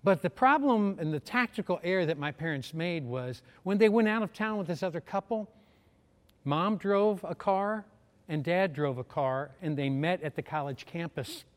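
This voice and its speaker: A man's voice: on the high side, normal speed. Man preaching with a long hall echo. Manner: animated storyteller acting out quoted voices. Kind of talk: sermon storytelling.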